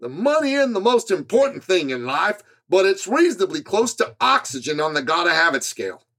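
Folksy older Southern orator with a Georgia drawl, put on by a man quoting him, a little higher than his own voice. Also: very animated, brisk, bright, forceful tone, full character voice. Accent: Georgia, US South (imitated). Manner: folksy, drawling quote delivery.

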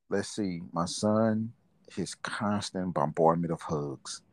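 A middle-aged father with a deep voice is interviewed in a casual family setting, speaking warmly and reflectively and laughing often. He talks at a slow pace, and the recording is dry.

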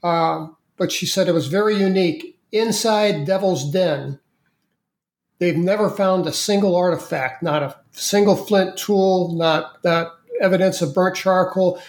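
An interview guest telling a story in a casual, halting way, with many fillers and repeated words. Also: medium pitch, darkish tone. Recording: echoey room.

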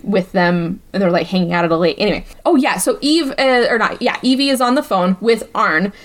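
A woman co-hosting a casual movie podcast, recapping the plot in an animated way and swearing often. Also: medium pitch, a little fast. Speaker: podcast co-host reviewing a movie. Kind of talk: casual chat.

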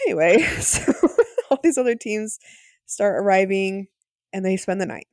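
A woman co-hosting a podcast, chatting casually as she recaps an episode. Her voice sits at a middle pitch, and she acts out quotes with animated energy. The sound is dry and close. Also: normal speed, no room sound. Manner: chatty, animated retelling with acted quotes and laughs. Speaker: podcast co-host.

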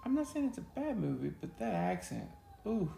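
Podcast co-host, male, teasing banter, gravelly and warm-toned, echoey room. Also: sits high, wildly swooping pitch, moderate pace, slight background noise. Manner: joking, teasing. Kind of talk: casual chat. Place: home studio. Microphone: podcast mic.

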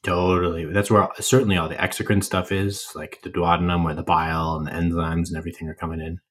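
A man co-hosting a podcast, explaining things in a relaxed, casual way with playful asides. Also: low-pitched, quick pace, husky. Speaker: podcast co-host. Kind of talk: casual educational chat.

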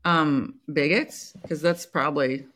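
A woman co-hosting a casual podcast chat, telling a story with lively acted-out dialogue. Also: sits low, a little slow. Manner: animated storyteller, acts out quoted dialogue. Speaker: podcast co-host.

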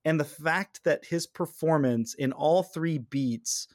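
Animated man, dry close podcast sound. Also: on the high side, slow pace, no room sound. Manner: animated, acts out quoted lines in character. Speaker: podcast host. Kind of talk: casual podcast discussion.

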